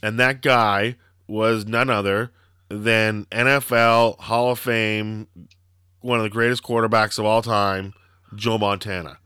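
A man with a lowish, smooth voice that's pushed and bright speaks a little slowly with little pitch movement. In a studio-quality recording without echo, he co-hosts a podcast, casually telling rambling stories packed with fillers and swearing.

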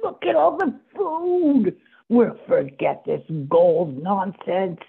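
A woman voicing a greedy, food-obsessed cat that meows and coaxes in an excitable way. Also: mid-range voice, takes it slowly, heavily acted. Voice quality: meowing, creaky. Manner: wheedling and excitable. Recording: tinny phone-line audio.

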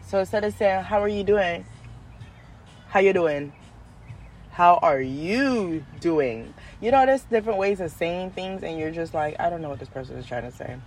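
Here a female podcast host talks through an animated, casual monologue loaded with slang, her voice jumping up in pitch for emphasis while she laughs throughout.

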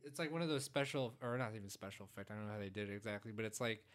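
A man's voice: lowish voice, very fast. Easygoing man musing about a movie. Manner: thoughtful, rambling with fillers and hedges. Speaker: podcast co-host. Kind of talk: casual movie recap chat.

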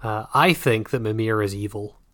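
A man's voice: fairly low pitch, moderate pace, fairly bright tone. A man co-hosting a casual book podcast, rambling and joking, laughing often and swearing freely. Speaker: podcast co-host.

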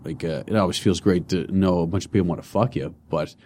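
A man's voice: deep voice, quick pace, warm tone. A man in his twenties, a comedian and personal trainer, chatting loosely as a podcast guest in a studio with many restarts and fillers. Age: 20s. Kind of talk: casual podcast conversation.

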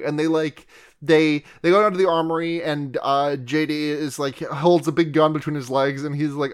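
A man with a slightly raised voice chats casually as a podcast co-host. He recaps a movie in a loose, rambling way, dropping filler words and crude jokes. He keeps slipping into quick, offhand impressions of the characters. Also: a little high, steady tone, smooth. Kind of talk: casual chat.

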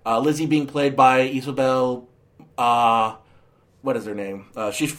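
A man's voice: medium pitch, fairly even intonation, unhurried, a bit bright. A man giving a casual, ranting movie review, sarcastic, with many fillers and restarts.

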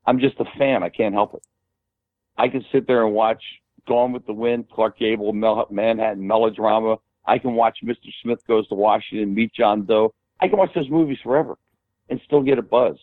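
An older man as a podcast guest, rambling and animated as he tells stories and quotes people. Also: lowish voice, dry recording. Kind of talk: casual storytelling. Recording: tinny phone-like line.

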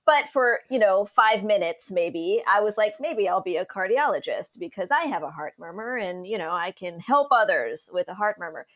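A lively woman guest recounting stories from her life on a podcast. She talks casually, laughs through her anecdotes and acts out the voices of the people she quotes. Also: mid-range voice, moderate pace, few pauses. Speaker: meteorologist guest. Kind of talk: casual storytelling interview.

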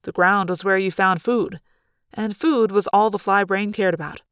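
A woman's voice: mid-range voice, normal speed, smooth, dry recording, studio quality. Dramatic woman narrating an audiobook. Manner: lively, dramatic storytelling. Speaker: audiobook reader. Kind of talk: first-person audiobook narration.

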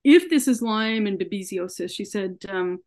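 A woman in middle register speaks earnestly on a podcast, recounting her experience step by step. She stumbles and repeats words when the memory upsets her. Her pitch sits at an ordinary level. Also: animated, normal speed, a little mellow. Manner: earnest, often acts out dialogue in her retelling. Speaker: guest, researcher. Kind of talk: telling her own story in conversation.

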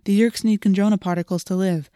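A woman's voice: mid-range voice, fairly even intonation, fast talker, dark tone, no echo, clean studio sound, lightly acted. A woman voicing an earnest teenage boy who talks eagerly about flying, read as part of an audiobook. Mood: explaining. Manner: enthusiastic, earnest. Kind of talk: audiobook reading.

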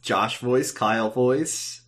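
A man's voice: mid-range voice, slow pace, a bit bright, breathy edge. A man co-hosting a casual podcast, joking around with his co-host. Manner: joking, reads a listener message in a goofy voice.

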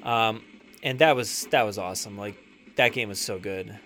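A man's voice: on the low side, moderate pace, sharp tone. A young man co-hosting a podcast, chatting casually while playing a video game, laid-back, trailing off with fillers and swearing often. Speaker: podcast co-host. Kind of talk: casual chat while gaming.

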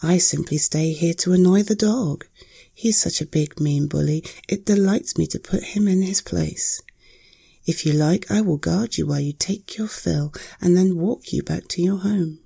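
Mischievous storybook cat, played by a woman, dark breathy tone, whispered role-play. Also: fairly low pitch, normal speed. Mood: sly. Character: bold cat, cool and mischievous.

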